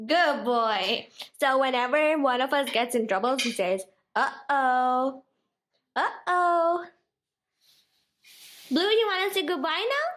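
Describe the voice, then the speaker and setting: A woman's voice: high-pitched, expressive, slow, long pauses, fairly bright tone, echoey room, low-quality recording. A young woman filming her pet parrot at home, coaxing and cooing at it in a giggly baby-talk voice. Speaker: parrot owner and vlogger. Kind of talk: casual vlog talking to a pet.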